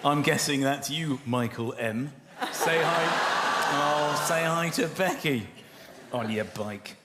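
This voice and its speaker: A man hosting a comedy show in front of a live audience, playful and excitable. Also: on the high side, takes it slowly, heavy background noise. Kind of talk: live stand-up banter with audience. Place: TV studio before a live audience. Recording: echoey studio with loud crowd laughter. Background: audience laughter and applause.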